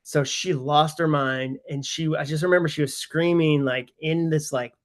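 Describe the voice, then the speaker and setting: A man in his forties hosting a live webinar, telling stories in an animated, rambling way full of "like" fillers. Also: on the high side, moderate pace. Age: 40s. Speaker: host. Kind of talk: casual storytelling on a live webinar.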